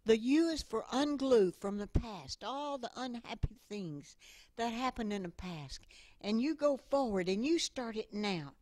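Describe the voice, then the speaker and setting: A middle-aged woman giving a motivational talk with stories, speaking slowly and deliberately. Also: a little high, expressive, a little mellow, dry recording. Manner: slow and deliberate, with acted quotes. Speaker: inspirational speaker.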